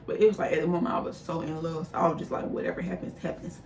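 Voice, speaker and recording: A woman's voice: on the low side, steady tone, very fast, few pauses, darkish tone, far from the mic. Chatty young woman, roomy and off-mic. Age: young adult. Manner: chatty, addresses viewers as y'all. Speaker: vlogger telling a story. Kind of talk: casual storytime. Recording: roomy echo, voice a bit off-mic, faint background hum.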